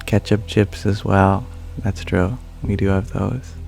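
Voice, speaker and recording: A man speaking softly and calmly as an ASMR livestream host, answering viewer questions. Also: fairly low pitch, slow, creaky, soft background music. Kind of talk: soft-spoken ASMR livestream chat.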